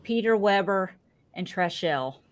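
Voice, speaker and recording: An older woman chatting on a podcast, rambling through her stories with excitable energy. Her voice sits at an ordinary middle pitch. She talks casually and at length. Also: unhurried. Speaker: podcast co-host.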